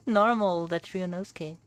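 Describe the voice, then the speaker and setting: A woman streamer chatting casually and laughing often while playing a game with a friend. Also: lowish voice. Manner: giggly, reads game lines aloud.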